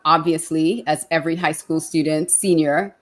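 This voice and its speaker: A woman's voice: deep voice, steady tone, normal speed. Effusive woman hosting an interview. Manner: effusive, fumbling over words, many fillers. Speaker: show host. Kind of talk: live online interview show.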